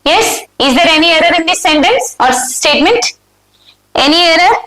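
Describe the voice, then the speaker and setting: A woman's voice: extremely high pitch, animated, normal speed, fairly bright tone, reverberant, poor audio. A woman with an Indian English accent, going over exam questions live, reading out the options and checking answers with her students. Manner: reads options aloud and checks answers with the class. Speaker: exam prep teacher.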